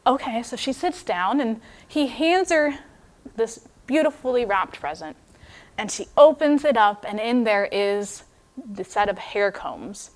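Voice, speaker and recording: Young woman preaching, fairly high voice, lively storytelling, chatty and expressive. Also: unhurried. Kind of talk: sermon storytelling.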